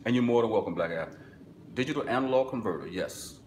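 Man, low voice, casual live-stream host, excitable bursts, echoey room, faint hiss. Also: brisk. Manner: excitable bursts, then drops low and relaxed. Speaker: webinar host answering live chat.

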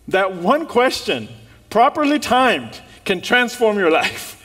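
A male pastor with a high voice preaches slowly, lively and animated as he fires rhetorical questions and shares laughs with the congregation.

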